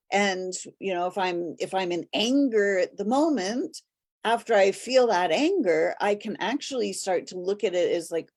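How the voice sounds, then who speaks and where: A woman talking casually and earnestly, telling stories in a steady way. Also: mid-range voice. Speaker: host. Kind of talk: casual conversation.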